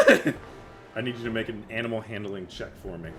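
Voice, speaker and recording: A man narrating a tabletop game as game master, slow and unhurried, with many fillers. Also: lowish voice, music in the background.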